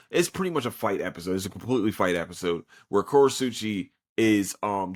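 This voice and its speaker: A young man hosting a podcast, casually recapping an anime episode in an excitable, profane way with lots of fillers. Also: lowish voice. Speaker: podcast host.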